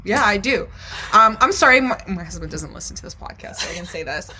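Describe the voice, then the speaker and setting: A young adult woman co-hosting a podcast, joking crudely in casual chat with a drawn-out deadpan delivery. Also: medium pitch, slight background noise, poor audio. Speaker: podcast co-host.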